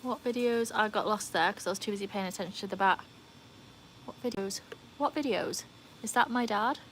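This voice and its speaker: A woman's voice: mid-range voice, fast talker, fairly bright tone, a little hiss or hum. A woman hosting a casual livestream from beside a pool, chatting with viewers and breaking into squealing cheers. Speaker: livestream host. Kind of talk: casual live-stream chat reading viewer comments. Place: outdoors beside a home swimming pool.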